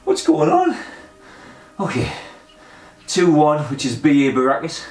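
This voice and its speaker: A man's voice: on the high side, huge pitch swings, measured pace, a little mellow, reverberant. Breathless, self-mocking man counting reps. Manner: chuckling, self-mocking, talks to himself. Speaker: vlogger doing a memory and pull-up challenge. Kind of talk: casual self-talk while exercising.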